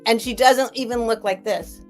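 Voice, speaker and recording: A woman's voice: a little high, normal speed, soft background music. A woman hosting a live sale stream, rambling in a chatty way and gushing thanks at her viewers.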